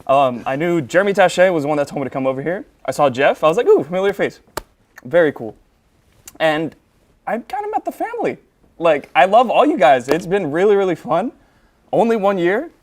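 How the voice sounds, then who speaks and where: Emotional young man, slightly high voice. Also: sing-song, a little fast. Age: young adult. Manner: emotional, fighting back tears. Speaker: graduating student analyst. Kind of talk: impromptu farewell speech.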